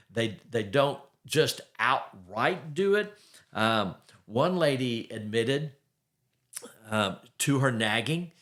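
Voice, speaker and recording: A man delivers a faith-based marriage advice monologue at a deliberate, unhurried pace. His voice sits in an ordinary middle register. He leans hard on key words and lets the odd wry chuckle slip in. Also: mid-range voice, fairly bright tone. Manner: emphatic, conversational, with wry chuckles. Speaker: podcast host.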